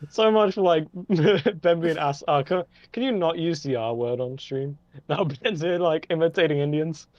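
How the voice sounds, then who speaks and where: A man co-hosting a casual podcast, teasing his friend in quick banter. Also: a little high, darkish tone, no echo. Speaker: podcast co-host. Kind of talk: casual chat. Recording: dull lo-fi sound.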